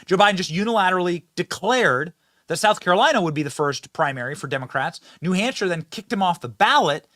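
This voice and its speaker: A man hosting political commentary, mocking and sarcastic, swinging between loud outbursts and low asides. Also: lively intonation, fast talker, no room sound, clean studio sound.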